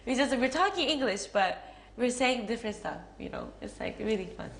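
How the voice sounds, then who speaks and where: A woman's voice: on the high side, animated, moderate pace, gravelly. A young woman with a Japanese accent answering interview questions in a casual, chatty way, full of fillers and giggles. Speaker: interviewee, actress. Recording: echoey room with faint noise.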